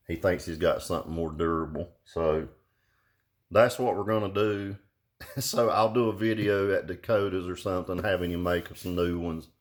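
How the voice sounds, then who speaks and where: An older man, ranting into a phone held at arm's length in a profane, mocking vlog, laughing and cussing often. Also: deep voice. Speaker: car audio vlogger.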